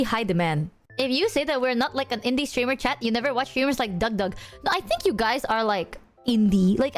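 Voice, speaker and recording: A young woman streaming and chatting casually with her viewers, bubbly, laughing often and swearing freely. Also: on the high side.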